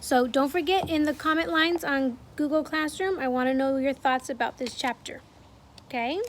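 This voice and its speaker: A woman's voice: sits high, normal speed, slight background noise. A woman teacher reading a novel aloud to her class from home, in a plain, friendly way.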